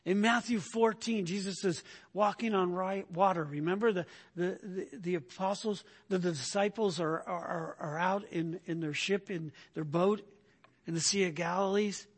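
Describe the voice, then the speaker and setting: A man delivering a sermon in a high, husky voice, talking conversationally and tossing in frequent rhetorical questions. His words ring out with a long reverb, as in a big hall. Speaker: pastor.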